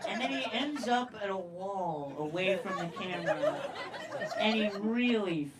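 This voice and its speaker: A woman doing a stand-up comedy set, playful and crude, often jumping into loud impressions. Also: medium pitch, lively intonation, normal speed. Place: comedy club stage. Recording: distant mic, loud crowd and noise.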